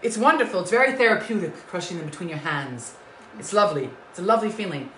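A woman with a low-pitched but bright, forceful voice hosts a live-stream cooking show from her home kitchen. She talks in an effusive, gushing way, greeting viewers by name and calling them sweetheart. The sound is echoey, bouncing off the kitchen walls. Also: animated, fast, slight background noise.

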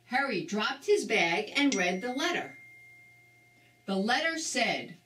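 An older woman reading a children's book aloud with slow, expressive storytelling. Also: on the high side. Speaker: storybook reader. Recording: roomy, distant mic.

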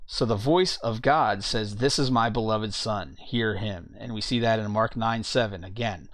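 A man giving an informal Bible teaching, reading scripture passages aloud and pausing to look up verses as he goes. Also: lowish voice, fairly bright tone, no room sound, clean studio sound. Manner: reads scripture aloud, searching for verses mid-talk.

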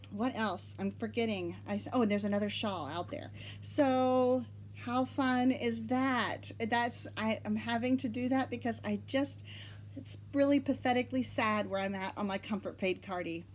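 Woman host, Oklahoma accent, bright higher voice, giggly and excitable, casual home podcast chat. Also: a little hiss or hum.

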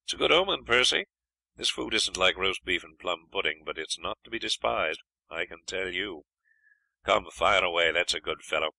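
An audiobook narrator voicing a cheerful, plucky young lad who talks in a hearty, encouraging way. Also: male voice, deep voice, animated, normal speed, vocal fry, bright, forceful tone, no room sound, heavily acted, poor audio.

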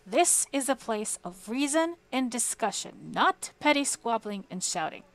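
A woman's voice: on the high side, animated, a little slow. A woman voicing a stern, commanding male leader who speaks firmly and with authority. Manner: firm, authoritative.

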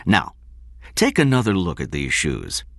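A man's voice: sits low, wildly swooping pitch, a little slow, vocal fry, dry recording, studio quality, heavily acted. A man voicing a thin, pushy male sales chief who presses his case insistently in an audiobook reading. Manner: insistent, persuasive.

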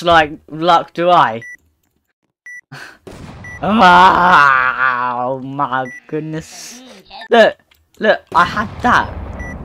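A male gaming host giving live gameplay commentary, mostly calm remarks broken by sudden excited yelps and exclamations. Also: fairly high pitch, a little hiss or hum.

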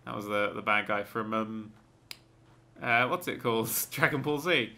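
A man's voice: on the low side, normal speed, bright, forceful tone. A man hosting a let's play, talking through the game with jokey, sweary, rambling asides. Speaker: gaming channel host.

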